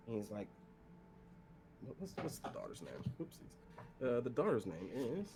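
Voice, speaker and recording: Lively halting male game master. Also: medium pitch. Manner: halting, full of fillers and restarts. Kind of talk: narrating a tabletop role-playing game.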